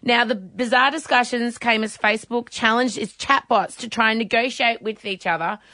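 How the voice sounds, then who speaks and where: A woman radio host with a fairly high voice, chatting in excitable, joking banter. The recording is close and dry, with no room sound. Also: no echo. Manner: excitable, joking, quick to laugh.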